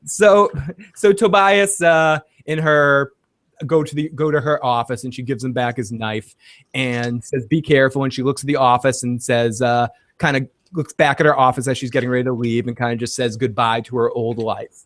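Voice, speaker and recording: A man hosts a casual recap podcast in a mid-range voice at normal speed, with clean, echo-free studio sound. He animatedly retells scenes and acts out the characters' lines.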